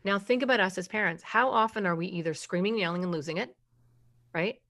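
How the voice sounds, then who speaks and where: A middle-aged woman speaks as a parenting expert in a relaxed interview. Her voice sits at an ordinary pitch. She is emphatic and keeps tossing in rhetorical questions. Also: brisk. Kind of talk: conversational podcast explanation.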